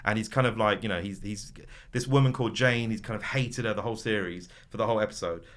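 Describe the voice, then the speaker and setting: A man with a fairly low voice talks fast in casual chat, rambling through a story. His storytelling is animated, packed with fillers and frequent laughs.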